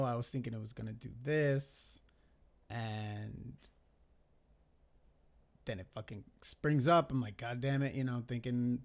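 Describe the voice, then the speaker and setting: Slow, rambling, cursing man. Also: mid-range voice, darkish tone. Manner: rambling, profane, self-critical, thinking aloud. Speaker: day trader reviewing his trades. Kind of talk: casual screen-recorded trade recap.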